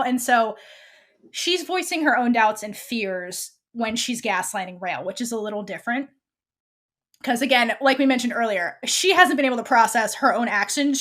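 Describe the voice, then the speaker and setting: A woman co-hosting a podcast, casually recapping a TV episode and acting out the characters' lines as she goes. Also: fairly high pitch. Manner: animated, acts out characters' lines while recapping. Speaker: podcast co-host.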